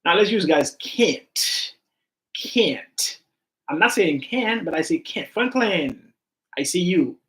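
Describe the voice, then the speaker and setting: A man teaching an English grammar class online, animated and repetitive as he coaxes his students to give examples. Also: on the high side, slow pace.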